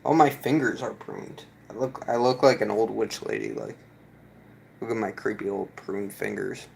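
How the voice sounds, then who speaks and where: A man's voice: fairly low pitch, lively intonation, moderate pace, creaky, darkish tone, a little hiss or hum, low-quality recording. A man chatting casually with his viewers, rambling with fillers and restarts. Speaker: video creator reading chat. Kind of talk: casual live chat.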